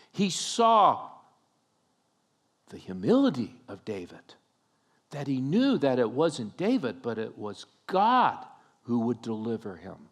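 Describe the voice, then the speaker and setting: A male pastor preaching a sermon, telling a story with humorous asides and acting out the scenes. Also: high voice.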